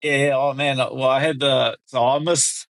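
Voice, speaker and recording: A man in his thirties, guest on a podcast, telling crude, animated stories with plenty of swearing. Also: mid-range voice, normal speed, no echo. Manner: crude, animated storytelling with lots of swearing and laughs. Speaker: guest fighter. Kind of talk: casual podcast interview.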